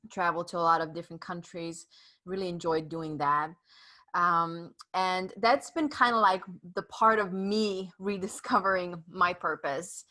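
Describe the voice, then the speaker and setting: A woman's voice: fairly low pitch, a little slow, bright, forceful tone. A woman from Europe, a professional performing artist, chatting casually as an interview guest with an accent, upbeat and sprinkled with fillers. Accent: European, non-Southern. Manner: upbeat with frequent fillers and laughs.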